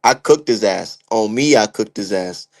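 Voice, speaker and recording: A man's voice: fairly low pitch, lively intonation, normal speed, creaky. A young man giving heated, profane, slangy commentary as a streamer. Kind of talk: ranting casual commentary.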